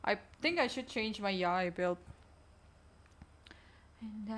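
A woman streaming a game, chatting casually with teammates in a low, weak, energy-saving way. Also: slow pace, fairly bright tone, slight background noise. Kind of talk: casual live-stream chat while gaming.

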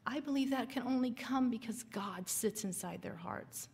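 A woman teaching a Sabbath School lesson, telling a story and preaching with earnest, dramatic pauses in a church. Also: a little high, creaky, darkish tone, husky, big-room sound. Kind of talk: storytelling sermon. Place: church hall.

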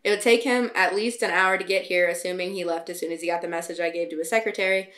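A woman's voice: lowish voice, quick pace, close to an everyday voice. A woman reading as a sarcastic grumpy teen girl. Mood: grumbling. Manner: deadpan, complaining.

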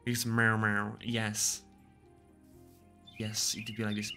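A man's voice: lowish voice, steady tone, normal speed, bright, forceful tone, soft background music. A young man streaming a game, chatting casually with crude jokes and frequent laughter. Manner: joking, crude, laughs often. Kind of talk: casual gaming stream chat.

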